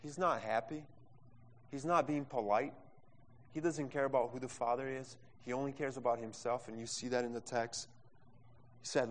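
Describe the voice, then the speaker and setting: A man of middling pitch preaches, his words rolling with passion and a learner's phrasing. He speaks into a microphone, and a long hall reverb trails behind every line. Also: steady tone, normal speed. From Brazil. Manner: impassioned preaching, non-native phrasing, acts out quotes. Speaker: pastor. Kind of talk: sermon.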